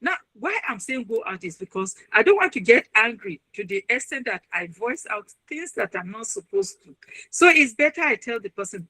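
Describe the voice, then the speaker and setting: A woman's voice: a little high, big pitch swings, normal speed, bright, forceful tone, no room sound, rough recording. A woman, a university registrar and counselor, earnestly advising listeners in a webinar talk over a video call. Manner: earnest, advising, acts out quoted voices.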